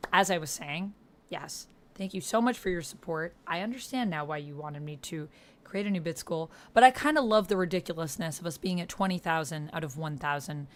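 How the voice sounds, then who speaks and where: A woman streamer talking casually to her viewers, gushing with thanks and breaking into excited outbursts. Her voice sits a little low. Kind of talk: casual livestream chat.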